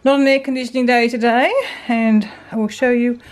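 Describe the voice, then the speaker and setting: This woman's voice is a little high, with fairly even intonation and a brisk pace. An Australian in her forties, she's out of breath from exercise as she rambles, laughs and talks to her dogs in a casual home vlog.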